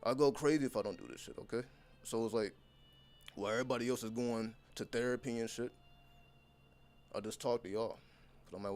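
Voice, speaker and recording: A man's voice: medium pitch, steady tone, fairly quick, long pauses, darkish tone, faint music behind. A man talking straight to his viewers as a content creator, delivering an unscripted motivational monologue that is blunt, intense and heavily profane.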